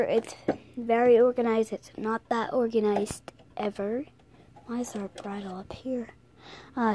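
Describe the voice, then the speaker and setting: A woman's voice: fairly high pitch, warm tone, a little hiss or hum, low-quality recording. A young girl losing her voice gives a casual vlog tour of her toy horses, rambling, correcting herself, apologizing and often slipping into a whisper. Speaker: toy horse collector showing her setup.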